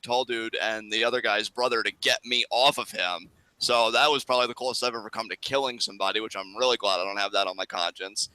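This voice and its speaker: A man with a strikingly bright, smooth voice answers questions on a casual Q&A show. He is blunt and candid and swears freely. The sound is dry and close to the mic. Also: mid-range voice, no echo, poor audio. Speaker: co-host. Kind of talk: casual Q&A chat.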